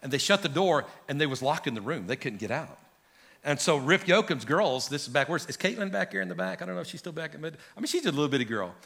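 A middle-aged pastor preaching an animated sermon to his church, calling out to the congregation and building to shouts. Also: on the high side, fast, vocal fry. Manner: animated, preaching with rising shouts and audience call-outs. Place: large church sanctuary.

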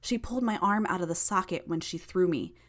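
A woman voicing a wounded, sharp-tongued young villainess. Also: on the low side, fairly quick, lightly acted. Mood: strained. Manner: terse, breathless, knowing. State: in pain, strained.

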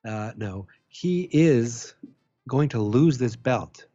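A man's voice: mid-range voice, lively intonation, slow pace, mellow, soft background music. A man co-hosting a podcast in casual chat, teasing and joking and swearing freely. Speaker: podcast co-host. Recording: dull lo-fi sound.

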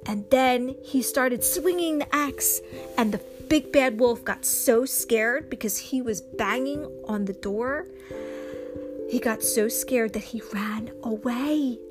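With clear music running throughout, a woman slowly spins an improvised tale for children. Her voice is slightly high, and she tells it expressively, acting out sound effects like booms and gasps.

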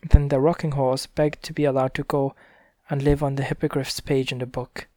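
A man reading a storybook aloud in a gentle, unhurried way, with small self-corrections. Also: medium pitch, level tone, no room sound, studio quality. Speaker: reader.

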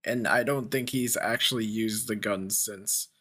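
A young man co-hosting a podcast, talking in a relaxed, laid-back way with casual swearing. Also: fairly low pitch, measured pace. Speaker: podcast co-host. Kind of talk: casual chat.

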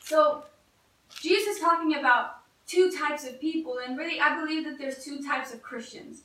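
A female preacher speaks at normal speed in church, her high, bright voice carrying an earnest, conversational tone as she keeps restarting phrases. The audio is echoey, picked up from afar in a room full of reverb.

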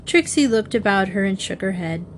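A woman reading a children's mystery story aloud in a measured, clear narrating voice. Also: mid-range voice, animated, slight background noise. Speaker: audiobook reader.

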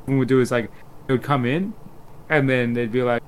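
A man's voice: mid-range voice, a little fast, a little hiss or hum, rough recording. A man, co-hosting a podcast and telling rambling stories in casual chat. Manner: rambling, animated storyteller. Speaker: podcast co-host.

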